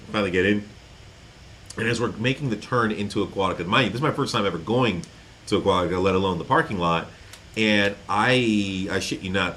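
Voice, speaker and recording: A man with a very low voice tells a loose, rambling story on a podcast, swearing casually as he goes. The chat is relaxed, with a faint hiss under the recording. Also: rough recording. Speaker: podcast co-host.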